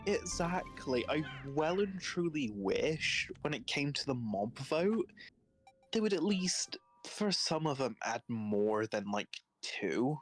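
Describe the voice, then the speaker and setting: Laid-back young male co-host, slow and rambling, light music in the background. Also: a little high, big pitch swings. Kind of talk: casual livestream chat.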